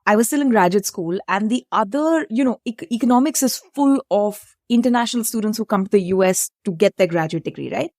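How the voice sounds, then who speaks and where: A woman host from India with an Indian English accent, an economics professor who asks thoughtful, measured questions. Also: medium pitch, lively intonation, a little mellow, no room sound, studio quality. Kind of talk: interview conversation.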